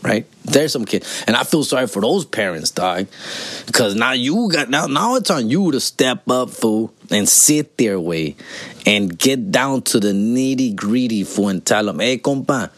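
A man in his forties rambling comically on a podcast, peppering his talk with swearing and Spanish slang. His voice sits at a middle pitch. The recording is dry and close. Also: animated, unhurried, a bit bright, dry recording. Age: 40s. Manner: profane, slangy, switches between English and Spanish, constantly says "fool" and "dog". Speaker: podcast host. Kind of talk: casual comedic monologue.

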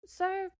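A woman hosting a podcast, retelling a dispute in a casual, animated, indignant way with exasperated outbursts. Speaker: podcast host and property investor.

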